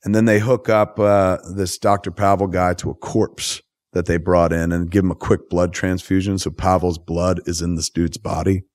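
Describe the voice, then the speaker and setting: A man's voice: sits low, little pitch movement, moderate pace, few pauses, darkish tone, dry recording, clean studio sound. A man hosting a podcast, recapping a film in a profane, rambling and enthusiastic way. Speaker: podcast host. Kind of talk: casual movie recap.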